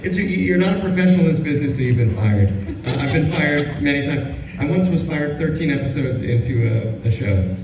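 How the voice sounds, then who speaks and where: A man's voice: on the high side, animated, fairly quick. A man who is a voice actor, answering fan questions at a convention panel in an earnest, encouraging way, often restarting his sentences. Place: large convention panel hall. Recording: echoey hall, speaker far from mic, background noise.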